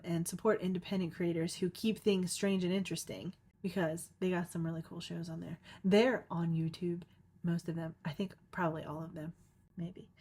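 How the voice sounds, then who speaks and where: Young woman rambling on her podcast, giggles a lot, says like constantly, kinda low voice. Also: a little mellow. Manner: rambling, giggly, lots of "like" fillers. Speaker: podcast host. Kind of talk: casual solo podcast monologue.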